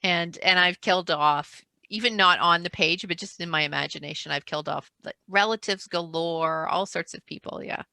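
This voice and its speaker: A woman's voice: lowish voice, moderate pace, gravelly, hardly any pauses, sharp tone, no room sound. A woman author chatting over a video call, talkative, often breaking off mid-sentence and laughing. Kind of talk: casual chat.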